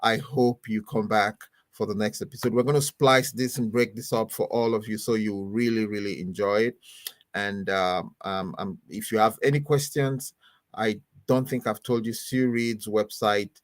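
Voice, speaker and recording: A man's voice: on the low side, steady tone, moderate pace, no echo. A man hosting a podcast as pastor, rambling and chatty in a casual sign-off. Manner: rambling, chatty, often laughing. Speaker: host.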